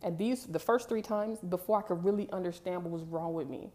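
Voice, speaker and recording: A woman's voice: on the low side, a little fast, dark tone. A young woman, telling a personal story to her viewers in a candid, emphatic, conversational way. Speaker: vlogger. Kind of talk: casual storytelling to camera.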